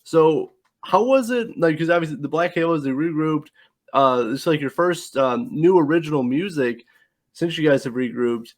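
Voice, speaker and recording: A man's voice: on the high side, animated, moderate pace. A man hosting a podcast, chatting eagerly with a guest and filling his talk with "you know". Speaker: podcast host. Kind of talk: casual interview chat.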